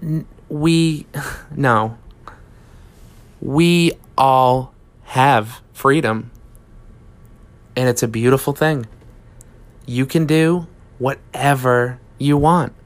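A man's voice: medium pitch, extremely slow, long pauses. A man hosting a comedy podcast, delivering a profane, exasperated rant monologue. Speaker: podcast host.

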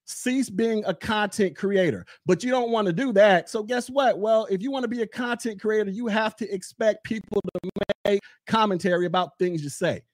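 High-voiced man ranting bluntly. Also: moderate pace, hardly any pauses, dry recording, clean studio sound. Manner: blunt, mocking, loud bursts. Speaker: commentary podcaster. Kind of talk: ranting casual commentary. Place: home, behind a desk.

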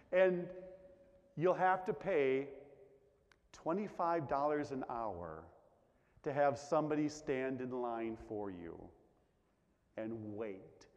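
A man preaches slowly, his voice rising and falling widely as he swings from emphatic questions to near-whispers. The sound is dull and lo-fi, with a long reverb that hangs in a large hall. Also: fairly high pitch. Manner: dramatic, drops to a hush for quiet lines, asks many questions. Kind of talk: sermon.

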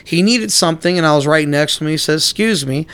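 Fast and fairly bright, this man's slightly high voice has a clean tone. As a podcast co-host in casual conversation, he spins long rambling tales with plenty of swearing, performing the quoted lines himself.

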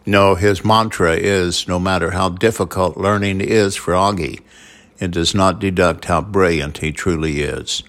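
An older man, a grandfather, telling a family story in an unhurried way with many pauses. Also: sits low, fairly even intonation, a bit bright. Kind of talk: casual conversation.

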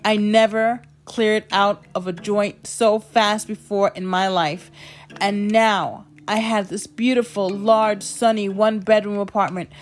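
A woman telling a personal story with strong emotion and dramatic pauses. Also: medium pitch, fairly even intonation. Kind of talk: personal storytelling over music. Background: soft music.

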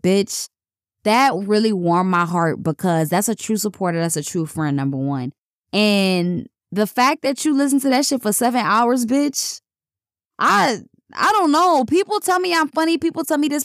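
A young woman hosting her own podcast in casual, blunt chat, swearing freely and jumping up in pitch when excited. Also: no room sound, clean studio sound. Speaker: podcast host.

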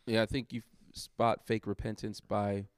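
A man's voice: on the low side, flat delivery, normal speed, clear, resonant tone, dry recording, studio quality. A man, a pastor, talking candidly in a casual church discussion and laughing at himself as he tells stories.

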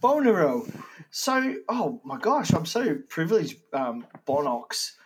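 A man from Australia co-hosting a comedy podcast, playful and teasing, quick to laugh. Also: a little high, very animated, a bit bright, slight background noise, poor audio. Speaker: podcast co-host. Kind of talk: casual comedy chat.

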